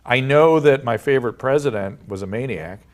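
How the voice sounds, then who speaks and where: A man's voice: mid-range voice, normal speed. A man speaking as a guest in a talk show interview, emotional and hesitant, often stammering and restarting.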